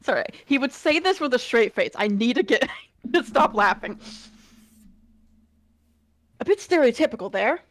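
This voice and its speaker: A woman player at a tabletop game, tossing out casual asides with a laugh. Her voice is fairly high. She is heard close and dry, with some keyboard typing at her end. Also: lively intonation, a bit bright, no room sound. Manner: chatty, quick asides and laughter.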